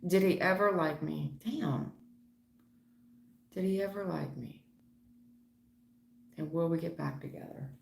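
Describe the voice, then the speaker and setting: A middle-aged woman doing a live tarot reading, blunt and slangy, teasing and animated as she talks to viewers. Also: lowish voice, unhurried, vocal fry, pauses often, echoey room. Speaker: tarot reader.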